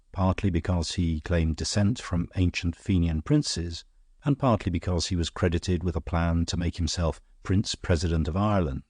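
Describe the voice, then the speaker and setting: Low-voiced guy narrating an audiobook, steady measured read, dead dry sound. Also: husky, no echo. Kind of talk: scripted narration.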